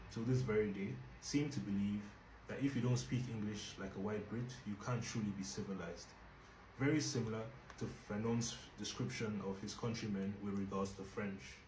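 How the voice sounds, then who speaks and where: A man with a lowish voice talks through a book in a measured, reflective way. His voice rings in an echoey room with a faint hiss behind it. It sounds like a home-made review video. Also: darkish tone. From Nigeria.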